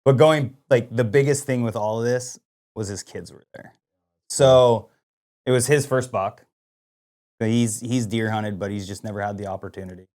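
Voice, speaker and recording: Man, podcast co-host, casual storytelling, lively, lots of quoted dialogue. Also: lowish voice, moderate pace. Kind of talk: casual hunting story chat.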